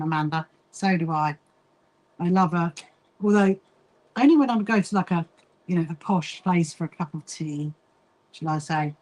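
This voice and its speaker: A woman's voice: on the low side, a little mellow, poor audio. A middle-aged woman chats casually to viewers while she sews, reading out their comments and laughing often. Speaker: livestream host. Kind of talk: casual chat while sewing.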